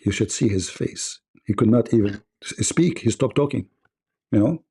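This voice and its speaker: Gravelly, taunting man on a livestream. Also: low-pitched, mellow. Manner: mocking, taunting, combative. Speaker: livestream debate host. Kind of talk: provocative livestream monologue.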